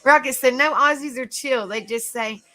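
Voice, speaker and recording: Woman, Southern US accent, middle-aged, folksy, laughs a lot, livestream host, casual chat, bright voice. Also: sits high. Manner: laughs often, folksy and chatty.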